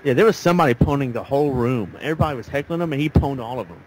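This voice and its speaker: Racing along in a slightly mellow voice, a man hosts a casual talk show. He's a rambling storyteller who acts out people's quotes, and the recording is low quality with faint noise behind him.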